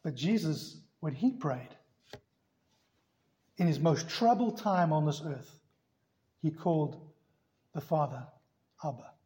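A man's voice: on the high side, animated, takes it slowly, long pauses, mellow. A man preaching a sermon as pastor, telling stories with emphatic, rising delivery. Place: church.

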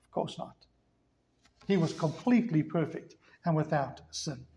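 A man's voice: on the high side, expressive, measured pace, warm tone, roomy sound, low-quality recording. A man preaching a sermon with emphasis, firing off rhetorical questions at the congregation. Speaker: pastor.

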